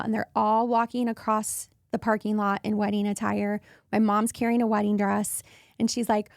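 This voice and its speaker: A woman in her thirties hosting a podcast, telling a personal story in a casual, animated way and acting out the voices of people she quotes. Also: creaky, no echo, clean studio sound. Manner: animated, acts out quoted voices with jumps in pitch. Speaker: podcast host.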